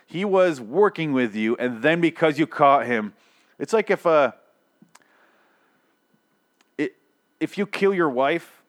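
A man's voice: a little high, animated, slow pace, long pauses. A man hosting a casual comedic rant, sarcastic and exasperated, swearing often.

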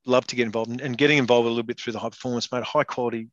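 A middle-aged man talks quickly and bluntly, peppering his speech with "mate" and swearing. The recording is dry and a little dull, with no room sound. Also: medium pitch, steady tone, dry recording. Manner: blunt and matey, swears freely, says "mate" constantly. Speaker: guest, former professional rugby player and state rugby board member. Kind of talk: casual interview chat.

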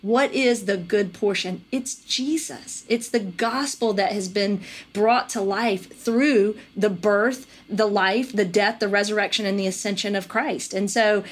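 A woman hosting a Christian podcast conversation, earnest, slowing down to read scripture aloud. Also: medium pitch, fairly even intonation. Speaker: podcast host. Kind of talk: faith-based conversation.

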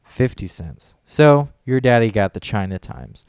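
A man's voice: on the low side, big pitch swings, measured pace, darkish tone, clean tone, no echo, clean studio sound. A man telling a story in a casual podcast chat, rambling and swearing often. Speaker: podcast co-host.

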